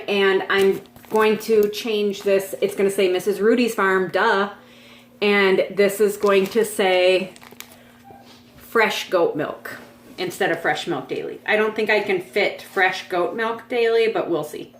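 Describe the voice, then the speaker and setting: A woman chatting casually in a home vlog, rambling with lots of ums and restarts as she shows her stitching projects. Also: echoey room. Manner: pitches up sharply when calling her dogs. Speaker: cross-stitch vlogger. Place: at home, dogs nearby.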